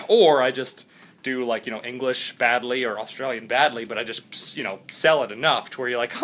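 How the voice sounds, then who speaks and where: Bright-voiced excitable man vlogging. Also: normal speed. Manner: excitable, jumps high and loud when calling his dog; chatty and rambling, laughs often. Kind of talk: casual vlog chat.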